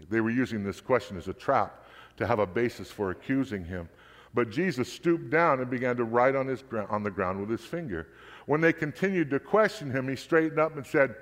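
A man reading scripture aloud with steady, measured narration. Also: mid-range voice. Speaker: scripture reader. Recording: long hall reverb.

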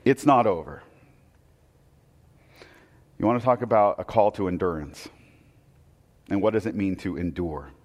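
A man preaching a sermon, telling a story that swings between loud excitement and hushed, intense moments. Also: deep voice, fairly quick. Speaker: pastor. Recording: long hall reverb.

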